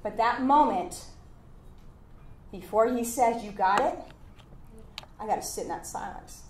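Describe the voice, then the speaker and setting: Lively woman telling stories in an echoey room. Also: on the high side, a little slow. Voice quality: lively storyteller who plays out conversations. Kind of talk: animated motivational talk with acted-out dialogue. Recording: roomy echo, faint noise.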